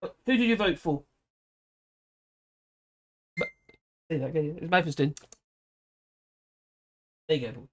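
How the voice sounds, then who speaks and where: In a deep, animated voice, a middle-aged British woman talks slowly and pauses often, with a slight hiss or hum in the background. She's hosting an easygoing political livestream from home with her dogs, wandering off topic, laughing frequently and reading out viewer comments.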